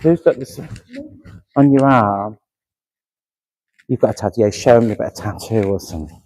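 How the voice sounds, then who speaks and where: A man's voice: on the low side, moderate pace, a little mellow. Chatty man giving a mediumship reading. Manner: chatty, keeps asking "do you understand", laughs easily.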